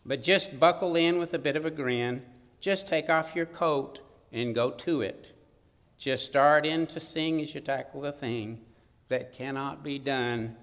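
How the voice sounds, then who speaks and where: A man with a slightly higher voice reads a poem aloud in measured, rhythmic verse before urging his listeners on. His words ring with a long reverb from a church hall. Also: fairly bright tone. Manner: reciting verse with rhythmic emphasis. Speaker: preacher. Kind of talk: sermon with recited poem.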